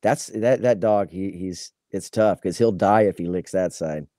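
A man's voice: low-pitched, measured pace, dark tone, no room sound, clean studio sound. A laid-back man hosting a live card box break, chatting casually in slang. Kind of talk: casual live-stream chat.

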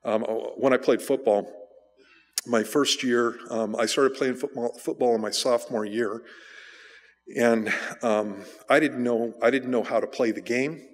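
A male pastor preaching, telling a personal story in a relaxed, conversational way with fillers and restarts. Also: mid-range voice, measured pace. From United States. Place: church sanctuary. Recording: church sanctuary reverb.

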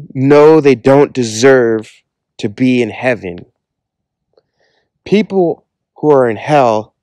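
A Christian speaker gives an earnest personal testimony in a loose, conversational way, leaning on casual fillers. His voice is warm, mellow and medium-pitched, recorded dry and close with no room sound.

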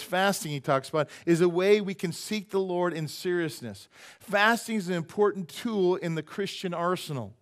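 A middle-aged man preaching a sermon as pastor, conversational and joking, often asking the congregation questions. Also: a little high.

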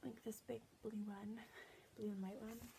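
Young woman, gravelly fry, fairly high voice, rambling casual vlog talk, steady noise behind. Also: a little slow. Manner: chatty, rambling with many fillers. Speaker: vlogger.

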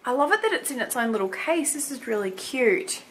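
A young woman excitedly unboxing gifts for her vlog, gasping and gushing with delight. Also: high-pitched, fairly quick, a little hiss or hum. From Australia. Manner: gushing, gasping, lots of "oh my God". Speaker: beauty vlogger.

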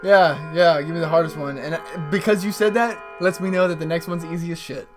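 A man's voice: a little high, steady tone, fairly quick, over music. A man casually commenting while playing a horror game with his brother, joking around, laughing and swearing.

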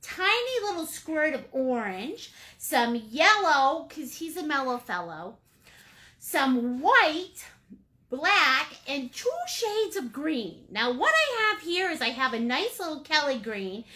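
Greeting her live painting class with pet names, this Maine-accented instructor is bubbly, playful, and chatty with endearments. She speaks slowly in a high, bright, forceful voice with big pitch swings.

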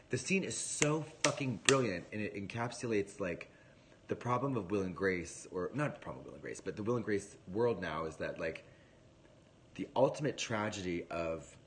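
Rambling, low-voiced man on a livestream. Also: normal speed, a little hiss or hum. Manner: rambling, profane, animated storytelling. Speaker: livestream host. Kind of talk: casual livestream chat. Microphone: phone.

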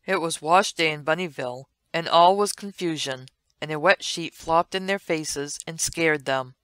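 A woman narrating an old comic strip as a read-along storybook, with a gentle, sing-song delivery and playful asides. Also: low-pitched, moderate pace, hardly any pauses, no room sound, clean studio sound.

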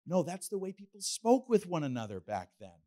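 Middle-aged pastor guy giving a sermon, kinda high voice, playful and animated. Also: brisk. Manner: animated, playful storytelling with acted asides.

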